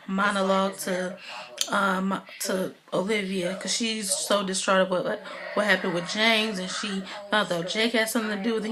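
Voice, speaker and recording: Chatty woman recapping an episode. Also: mid-range voice. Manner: chatty, rambling, full of "you know" and "like"; animated, acts out the characters' lines while retelling.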